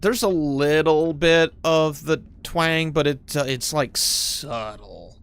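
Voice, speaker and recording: A man's voice: on the high side, takes it slowly, smooth. A man with a Pacific Northwest accent chatting casually and profanely while streaming a game. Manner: profane, excitable, laughs easily. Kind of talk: casual gameplay chat.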